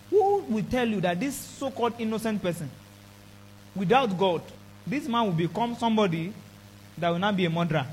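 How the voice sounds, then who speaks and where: Preacher, male, high voice, emphatic sermon delivery with call-and-response, faint background hum. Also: rough recording. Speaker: pastor.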